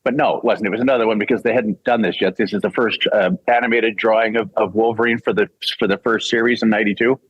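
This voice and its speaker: A man's voice: on the low side, steady tone, quick pace, hardly any pauses, breathy edge, no echo, poor audio. An older man from Canada, a voice actor and singer, telling a casual story and acting out the voices he quotes, laughing often.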